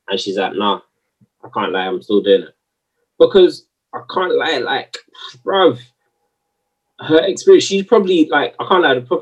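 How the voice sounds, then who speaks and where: A man's voice: medium pitch, husky, far from the mic, poor audio. A man in a heated, slangy podcast discussion, arguing his point. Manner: animated, slangy, argumentative.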